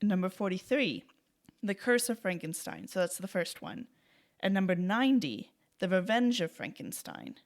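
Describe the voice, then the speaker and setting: A woman's voice: medium pitch, sing-song, moderate pace. A woman co-hosting a podcast in casual chat, wry and joking as she steers the talk. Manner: wry, joking, runs the segment. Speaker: podcast co-host.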